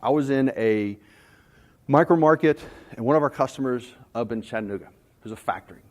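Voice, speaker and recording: A man's voice: medium pitch, brisk, a little mellow. A man from North Carolina giving a sales talk at a conference, telling folksy anecdotes and stories to a live audience. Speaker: sales trainer. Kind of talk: conference presentation.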